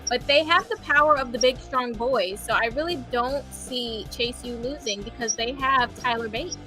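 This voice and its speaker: A woman co-hosting a casual wrestling prediction show, emphatic and animated. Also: on the high side, normal speed, faint music behind. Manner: emphatic, animated, does silly voices. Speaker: podcast co-host.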